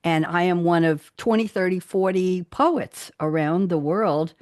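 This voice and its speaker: A woman's voice: on the low side, measured pace, darkish tone, dry recording, clean studio sound. A woman guest on an interview show, chatting cheerfully, laughing often and reading her own poems aloud. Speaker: guest poet.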